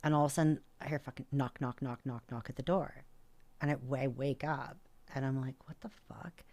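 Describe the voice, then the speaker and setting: A young adult woman from Canada, a podcast guest telling a story in a casual, animated way, with plenty of swearing and filler words. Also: extremely low pitch, a little fast.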